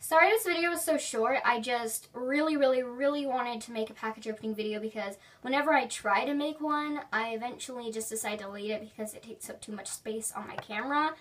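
A woman's voice: a little high, a little fast, hardly any pauses, a bit bright. A young woman hosting a casual unboxing vlog, gushing and giggly, rambling with many "like"s. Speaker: toy unboxing vlogger. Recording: distant camera mic, faint noise.

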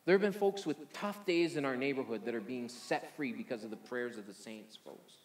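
A man's voice: medium pitch, a little fast, echoey room, slight background noise. A man preaching a sermon energetically, often repeating words as he restarts. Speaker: pastor.

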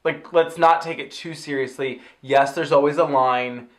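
A man co-hosting a casual review chat, agreeable, with short quick replies. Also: on the high side, fairly even intonation. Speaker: podcast co-host. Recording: roomy echo.

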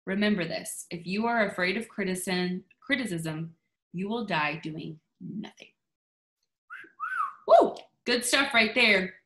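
A woman's voice: medium pitch, measured pace, a bit bright. A woman giving a motivational talk to her team over a video call, in a chatty, gushing way. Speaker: team leader.

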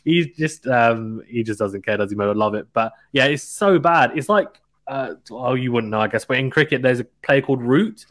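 A man's voice: mid-range voice, normal speed, few pauses. Chatty man hosting a tennis chat. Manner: chatty, animated, laughs often. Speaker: tennis podcast host. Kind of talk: casual chat with a guest.

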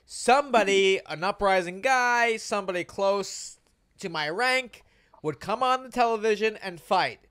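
A man's voice: high voice, unhurried, smooth. A man co-hosting a fight podcast, a retired fighter who jokes around and takes the talk sideways. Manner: jokey, animated, steers talk sideways. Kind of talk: casual banter.

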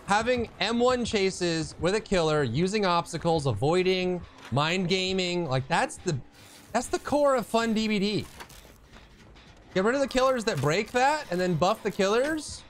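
A man commentating his own gameplay, excitable and teasing, swinging from quiet mutters to sudden shouts. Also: high-pitched. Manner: banters with the opponent, teasing.

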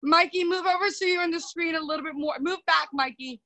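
Karate instructor, young woman, high bright voice, brisk commanding drill cues over a video call. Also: distant mic, low-quality recording.

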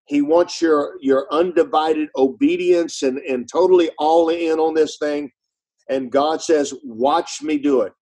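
Earnest man with a mellow voice. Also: steady tone, unhurried, low-quality recording. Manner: earnest storyteller, voice drops low and soft in grief. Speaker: pastor and author, podcast guest. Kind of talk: conversational preaching.

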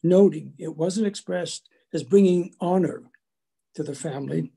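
Older man, high gravelly voice, mellow tone, measured lecture storytelling. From Canada. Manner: measured, slow storytelling with small restarts. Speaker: guest lecturer. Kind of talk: prepared lecture with anecdotes.

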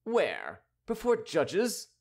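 A man's voice: high voice, wildly swooping pitch, extremely slow, gravelly, a little mellow, pitched above the performer's own voice, full character voice. A man voicing a proud, hot-tempered middle-aged cavalier who speaks haughtily and impatiently, pushing his voice up.

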